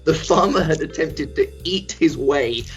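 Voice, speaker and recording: A man's voice: fairly high pitch, a little slow, soft background music. Man rambling through an improvised story. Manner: rambling, with filler and self-corrections. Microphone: home computer mic on a livestream.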